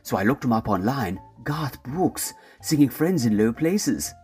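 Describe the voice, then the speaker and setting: A man's voice: mid-range voice, big pitch swings, a little slow, a little mellow, slightly rough, faint music behind, heavily acted. A man with a put-on German accent voicing a stiff, condescending German man. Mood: sardonic. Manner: dry, condescending.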